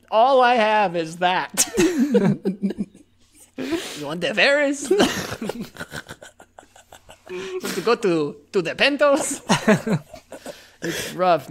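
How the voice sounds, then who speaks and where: A woman hosting a casual podcast, chatty and prone to laughing. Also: medium pitch. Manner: chatty, slow, laughs often. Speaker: podcast host. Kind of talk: casual chat.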